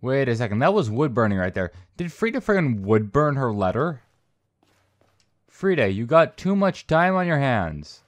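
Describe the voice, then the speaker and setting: A man's voice: medium pitch, sing-song, normal speed, no room sound. Joking man narrating a horror game. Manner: joking, rambling, mock voices for characters. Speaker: gaming channel host. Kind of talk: let's play commentary.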